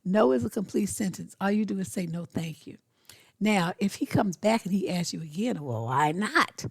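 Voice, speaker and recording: A woman's voice: medium pitch, creaky, mellow, husky, dry recording, clean studio sound. A middle-aged woman relationship coach, giving blunt, sassy dating advice in a casual monologue and acting out short exchanges. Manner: blunt, sassy, acts out quick dialogues.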